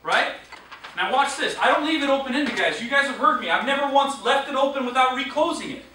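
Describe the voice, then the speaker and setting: A man's voice: very high-pitched, brisk, recorded from a distance, slight background noise. A man running a sales training class, telling stories and quizzing his trainees. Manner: lively storytelling, quizzes the class. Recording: echoey room, recorded from afar.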